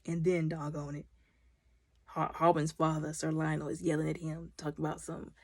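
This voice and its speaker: A woman recaps a TV episode with animated, opinionated commentary and talks back to the characters. Her voice is husky and a little low. The sound is close and dry. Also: normal speed, no echo. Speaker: video recap host.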